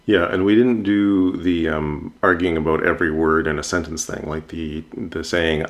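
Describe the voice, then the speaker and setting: A man's voice: rumbling low, steady tone, normal speed, few pauses. A man co-hosting a podcast, speaking thoughtfully and hesitantly in casual conversation with his wife. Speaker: podcast co-host.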